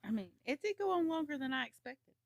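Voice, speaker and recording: A woman's voice: high voice, very animated, quick pace, no room sound, muffled recording. A woman co-hosting a podcast, chiming in with short casual reactions and laughing along. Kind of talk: casual chat.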